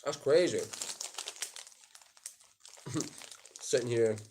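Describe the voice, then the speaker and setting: A man's voice: mid-range voice, drawn-out words, a little mellow, a little hiss or hum. A Scottish man chatting casually on a livestream, reading viewer comments aloud and answering them. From Scotland.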